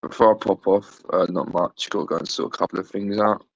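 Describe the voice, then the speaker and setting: A man's voice: fairly low pitch, steady tone, brisk, vocal fry, no echo. A British man calling into a livestream, talking bluntly, swearing often and stammering over his words. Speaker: caller on a livestream. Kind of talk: casual chat. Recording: dry, dull lo-fi audio.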